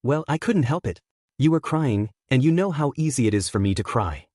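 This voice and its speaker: A man's voice: medium pitch, lively intonation, a little fast, a little mellow, no room sound, clean studio sound, lightly acted. A man voicing an earnest teenage boy hero who blames himself, in a raised, emotional delivery.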